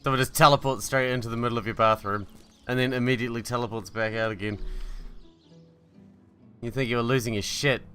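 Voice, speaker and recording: A man talks his way through a video game in casual, swearing, joking commentary. His voice is bright and forceful at a middle pitch, and faint game music plays behind him. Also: steady tone, fairly quick, long pauses, clean tone. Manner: profane, joking. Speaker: gaming channel host.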